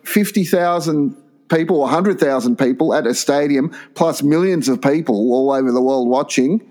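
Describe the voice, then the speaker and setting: Co-hosting a relaxed podcast, this man tells crude, animated yarns and keeps bursting into laughter. He speaks at normal speed with a fairly high voice.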